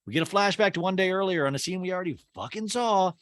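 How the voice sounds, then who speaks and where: A man hosting a podcast, recapping a reality show in casual, profane, exasperated commentary and mimicking the cast in low, mocking voices. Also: fast talker, hardly any pauses, fairly bright tone, no echo.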